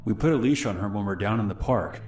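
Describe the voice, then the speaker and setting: A creepy young stranger with a smooth, falsely friendly manner, as a man puts him on. Under the politeness he is cold and insistent, and the voice sits deep and low. Faint music plays behind it. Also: fast talker, darkish tone, roomy sound, natural voice. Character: smiling stranger man in his twenties, calm and menacing.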